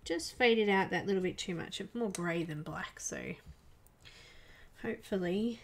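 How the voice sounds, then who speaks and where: Woman, casual live coloring chat, soft-spoken, murmurs and whispers, gravelly voice. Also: fairly low pitch, measured pace, a little hiss or hum. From Australia. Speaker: livestream coloring artist.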